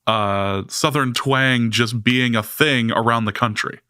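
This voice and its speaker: A man hosting a casual podcast, wry and halting, with frequent fillers. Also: medium pitch, sharp tone, clear, resonant tone, dry recording, studio quality. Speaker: podcast host. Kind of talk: casual chat.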